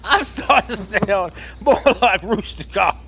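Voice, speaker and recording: High-pitched, creaky and heavily acted, with lively intonation, a man on a podcast does a comic take on an older soul singer. He sweet-talks everyone as baby, teasing and smooth, drawing out a crooned "baby" at line endings.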